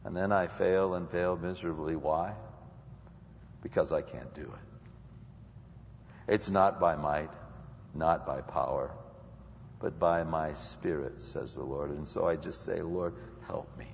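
A man's voice: rumbling low, steady tone, a little slow, vocal fry, long pauses, in a large hall, highs cut off, a little hiss or hum. A man preaching a sermon in a casual, conversational way, acting out his own prayers and inner dialogue. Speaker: pastor.

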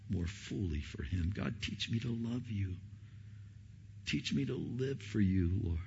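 A middle-aged male pastor preaching a sermon, swinging from loud emphatic peaks down to hushed whispers. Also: low-pitched, highs cut off, slight background noise.

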